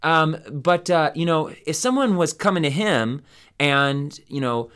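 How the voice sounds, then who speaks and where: A man's voice: on the high side, animated, unhurried, a bit bright, smooth. A man hosting a Bible study podcast, teaching in a casual, rambling way with many fillers and restarts.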